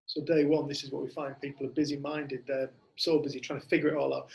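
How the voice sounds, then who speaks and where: A man's voice: medium pitch, flat delivery, fast talker, creaky, few pauses, a little mellow, low-quality recording. A man, leading a community group in casual storytelling talk and animatedly acting out what other people say. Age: 40s.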